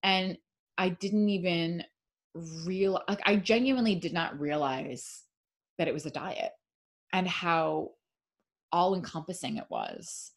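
A woman's voice: lowish voice, takes it slowly, gravelly. A woman author chatting as a podcast guest, rambling with many "like"s and restarting her sentences. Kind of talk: casual podcast chat.

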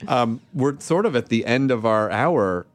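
A man's voice: mid-range voice, animated, measured pace, dry recording. A man from Tennessee hosting a podcast, joking playfully with his guest. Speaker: podcast host. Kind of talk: casual chat.

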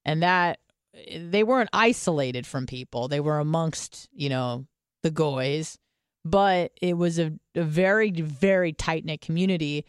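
A woman's voice: deep voice, unhurried, clean tone, no echo, studio quality. A young American woman talking candidly in a casual podcast chat, swearing freely and filling gaps with "like" and "um". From United States.

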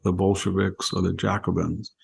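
An older man talks through his views in a long, rambling, conversational flow. His voice is low and gravelly with a husky edge. He speaks as the host of a casual political discussion. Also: normal speed. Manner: long rambling explanations with animated quoted voices. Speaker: podcast host, commentator.

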